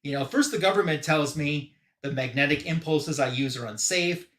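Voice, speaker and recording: A man's voice: on the high side, moderate pace, fairly bright tone, reverberant, close to an everyday voice. A man voicing a desperate, bitter middle-aged scientist in an aggrieved, pleading tone.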